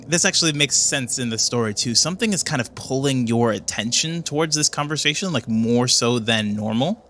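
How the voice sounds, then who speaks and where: A man narrating a tabletop game as game master, relaxed and halting, with frequent ums and uhs. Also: medium pitch, a little hiss or hum.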